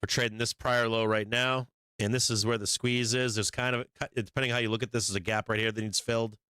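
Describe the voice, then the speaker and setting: A man's voice: mid-range voice, level tone, brisk, sharp tone, smooth, no room sound. A man hosting a live stock market stream who is losing his voice, reading headlines aloud and talking bluntly with lots of profanity. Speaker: stock market livestream host. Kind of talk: casual market commentary with profanity.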